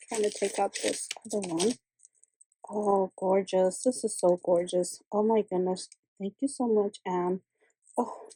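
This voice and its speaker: A woman hosting a craft vlog, opening a gift and gushing over every piece. Her voice is mellow and warm, sitting in the middle of the range. She talks casually, with many exclamations and fillers. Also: medium pitch, slight background noise, poor audio. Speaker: craft channel host.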